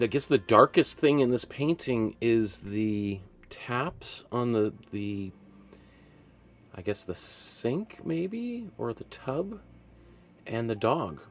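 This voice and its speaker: A middle-aged man giving a relaxed painting lesson, thinking aloud as he works, rambling with restarts and soft laughs. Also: mid-range voice. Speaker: art teacher.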